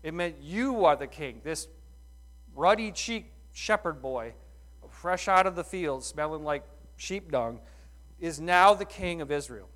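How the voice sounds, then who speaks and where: Middle-aged guy preaching a sermon, folksy, lots of rhetorical questions, kinda high voice. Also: expressive, a little slow, fairly bright tone. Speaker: pastor.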